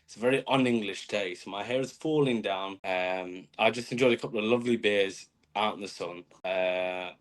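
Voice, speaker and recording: A man's voice: on the low side, normal speed, hardly any pauses. A man from Australia who lives in England, a podcast guest telling stories in a dry, self-mocking way with lots of fillers. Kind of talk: casual chat. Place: living in England.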